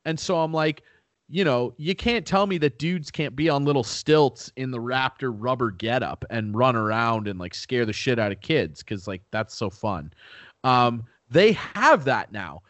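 Here the same kind of casual podcast banter comes from a young male co-host who leans on "like" and "dude" and swears now and then. He speaks at a measured pace in an expressive, fairly bright medium voice, recorded with no room sound.

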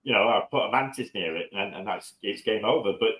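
A man co-hosting a podcast, an animated storyteller who pokes fun at himself in casual chat. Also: fast, rough recording. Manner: animated storyteller, self-mocking, jumps up in pitch on punchlines. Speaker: podcast co-host.

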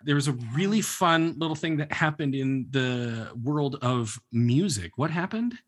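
A man hosting a podcast, chatting casually and playfully with a guest and joking often. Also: a little high. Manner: playful, expressive, quick to joke. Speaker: podcast host. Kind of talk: casual interview chat.

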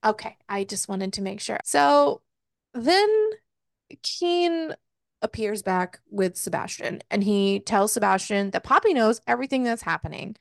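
A woman co-hosting a casual podcast, recapping a book in an exasperated, swearing, animated way and voicing the characters' lines. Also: mid-range voice, unhurried, creaky, no room sound, studio quality. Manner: swearing, exasperated, animated retelling with voiced quotes. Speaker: podcast co-host.

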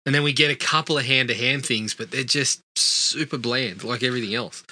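Bright, dry-sounding man. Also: medium pitch, fairly quick, no room sound. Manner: relaxed, agreeable, sweary. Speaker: film podcast co-host. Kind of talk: casual film review chat.

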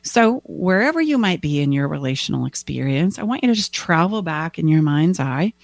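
Woman, relationship coach, animated, acts out dialogue, lower voice, dry sound. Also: fairly quick, vocal fry, no room sound. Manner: animated, acts out quoted dialogue with big pitch jumps. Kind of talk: teaching talk with acted examples.

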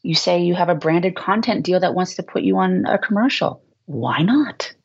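Woman, Boston accent, very low voice, dull muffled audio, encouraging. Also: lively intonation, creaky, slightly rough. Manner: encouraging, measured advice. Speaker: guest. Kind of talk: podcast interview.

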